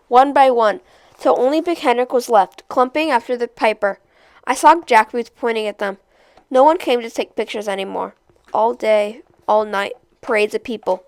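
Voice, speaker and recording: A woman reading a novel aloud chapter by chapter, in a steady, measured storytelling voice. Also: high voice, smooth, no room sound. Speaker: storybook reader.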